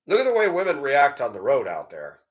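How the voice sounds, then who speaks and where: A man's voice: mid-range voice, wildly swooping pitch, a little fast. A man giving a blunt, profane, indignant monologue and telling a story about a run-in. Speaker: commentator. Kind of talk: ranting monologue.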